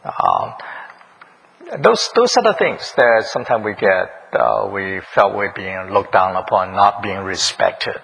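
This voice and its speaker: A man's voice: lowish voice, animated, measured pace, gravelly, a bit bright, slightly rough, rough recording. A man preaching a sermon in a church, questioning the congregation, repeating their answers and chuckling often. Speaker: pastor. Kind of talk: interactive sermon.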